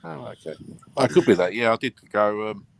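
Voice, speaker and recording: A man's voice: fairly low pitch, animated, fairly quick, creaky. A man in a casual online group chat, talking in an easygoing, hesitant way.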